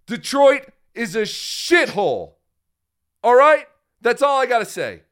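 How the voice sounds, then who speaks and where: A man guest hosting a live stream, joking loudly and calling himself Daddy while thanking viewers, speaking over a phone. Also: very high voice, wildly swooping pitch, moderate pace. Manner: boastful, calls himself Daddy, jokey and loud. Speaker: guest host. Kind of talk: casual live-stream banter.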